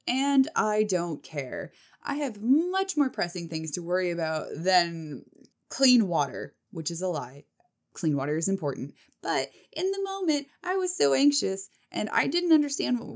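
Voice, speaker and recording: A woman telling a story to camera in a casual, animated, self-mocking way, rambling with restarts. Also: lowish voice. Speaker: vlogger.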